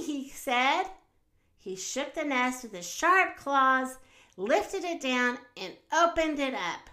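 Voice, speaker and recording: A woman reading a children's picture book aloud in a slow, expressive way. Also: high-pitched.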